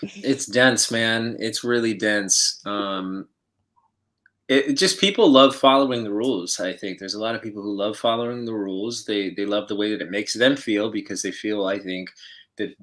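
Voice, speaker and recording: A man giving his opinion on a casual talk show, with a fairly low voice. He speaks in a measured, thoughtful way, pausing and hedging as he works through his point. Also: a bit bright. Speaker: co-host. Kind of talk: casual chat.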